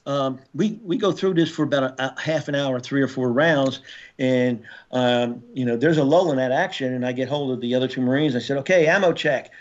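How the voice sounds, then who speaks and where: A man in his sixties, a former Marine and podcast guest, telling war stories in a casual, profane way and shouting out reenacted orders. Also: medium pitch, brisk. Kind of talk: casual storytelling interview. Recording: slightly dull podcast audio.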